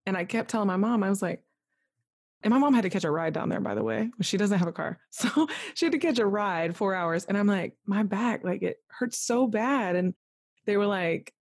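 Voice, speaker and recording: A woman guest on a podcast telling an emotional personal story in a lively, rambling way, full of "like", acting out what others said. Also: medium pitch, fairly quick, no echo, clean studio sound. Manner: animated, full of "like", acts out quoted voices. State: tearful at moments.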